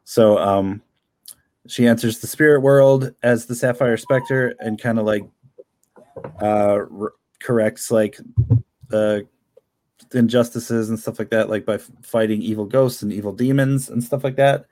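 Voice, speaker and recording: Low-ish voice guy, comic creator, chatting loose w lots of likes and uhs, laughs a lot. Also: steady tone, a little slow, darkish tone. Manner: rambling, chatty, laughs often, many fillers. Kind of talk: casual interview chat.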